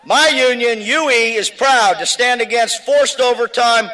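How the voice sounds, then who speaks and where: A man speaking for his union at an outdoor rally, shouting emphatic lists of demands. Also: very high voice, measured pace, rough recording.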